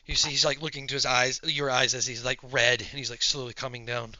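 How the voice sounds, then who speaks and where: A man narrating as game master of a tabletop game, lively and laughing. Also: medium pitch, fairly quick, no echo. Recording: dull lo-fi recording.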